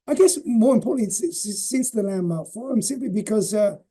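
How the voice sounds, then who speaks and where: A man's voice: high voice, expressive, brisk, slightly rough. A man in his sixties telling family stories in a rambling, affectionate way for a legacy interview. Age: 60s. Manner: warm, rambling, many fillers and restarts. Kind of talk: reminiscing personal storytelling.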